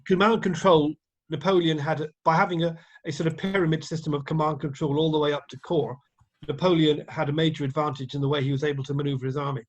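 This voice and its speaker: A man's voice: fairly high pitch, steady tone, fast, dull audio. A man on a casual podcast, eagerly explaining historical campaigns and tactics. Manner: enthusiastic, explanatory, with frequent restarts. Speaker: history guest explaining battles. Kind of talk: casual chat.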